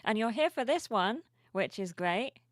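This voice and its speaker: A sleepy woman streamer chatting softly and cheerfully with her viewers at home, reading their messages aloud. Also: a little high, lively intonation, a little slow, no room sound, studio quality. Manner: soft-spoken, cheerful, reads chat aloud. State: sleepy, yawning. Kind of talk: casual live-stream chat. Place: home room with plushies.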